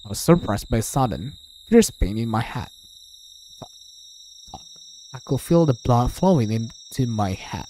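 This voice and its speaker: Slow, expressive man reading game text. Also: mid-range voice, a little hiss or hum. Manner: slow, expressive reading, voicing several characters. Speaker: streamer reading a visual novel aloud. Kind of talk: dramatic read-aloud of game text.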